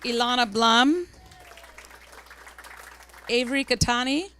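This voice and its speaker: A woman school board member presenting awards at a public meeting, earnest, reading names slowly and carefully. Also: on the high side, a bit bright, a faint crowd, a little hiss or hum.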